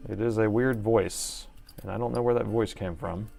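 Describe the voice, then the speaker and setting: Middle-aged man, low gravelly voice, chatty self-mocking repair commentary, faint music behind. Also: fairly even intonation, normal speed, dark tone. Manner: chatty and self-mocking, talking while working. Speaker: repair technician streamer. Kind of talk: live repair stream commentary.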